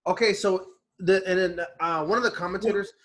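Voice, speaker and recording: Animated man on a casual podcast. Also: a little fast. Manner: animated, slangy, acts out quotes with big pitch jumps. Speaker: podcast co-host. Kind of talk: casual chat.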